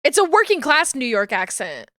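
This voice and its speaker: A chatty woman streamer whose natural voice sits high and sounds bright. Her tone is smooth and clean, and the sound is dry and close. She talks casually and laughs often. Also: wildly swooping pitch, moderate pace, dry recording. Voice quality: high natural register, finds low voices hard. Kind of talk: casual chat while streaming a game.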